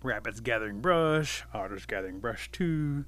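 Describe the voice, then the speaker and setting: Lively male folk-tale storyteller. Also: dry recording. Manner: relaxed, unhurried telling with lively pitch. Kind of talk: oral folk-tale narration.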